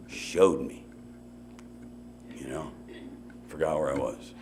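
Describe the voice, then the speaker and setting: A man's voice: rumbling low, steady tone, takes it slowly, long pauses, background noise. Middle-aged guy talking at a meeting, chatty storytelling, lots of you knows. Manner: conversational storytelling with asides and repeated "you know". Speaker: AA meeting speaker. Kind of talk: recovery talk story. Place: meeting hall before an audience.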